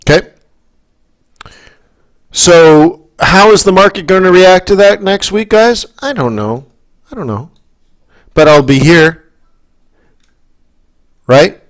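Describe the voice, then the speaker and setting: A man from Canada coaching forex traders in live market commentary, rambling through asides, checking in with the audience and getting worked up and emphatic. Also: on the high side.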